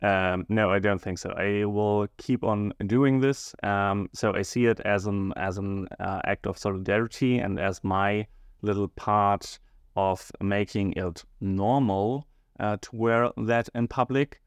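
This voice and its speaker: A male schoolteacher answering interview questions hesitantly, often pausing and searching for words. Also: on the low side, fairly even intonation, clean tone, no room sound, studio quality. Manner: hesitant, many fillers and restarts, searching for words.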